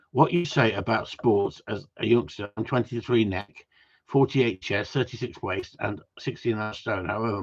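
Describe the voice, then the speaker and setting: A man's voice: on the low side, highs cut off. A man chatting casually to viewers in a rambling, cheeky way, swearing freely. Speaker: vlogger.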